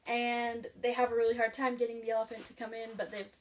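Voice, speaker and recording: A woman's voice: fairly high pitch, monotone, fast, slight background noise. A woman chatting casually about her favorite childhood books, rambling and enthusiastic with lots of fillers. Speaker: book vlogger. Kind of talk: casual book review chat. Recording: voice picked up from a distance.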